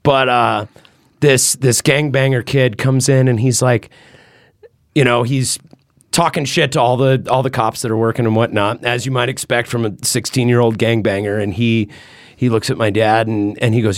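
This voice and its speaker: This man talks loosely and profanely on a podcast, rambling through a story at a mid pitch. His voice sits close and dry, with no room sound around it. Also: steady tone, normal speed, dry recording. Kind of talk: casual podcast chat.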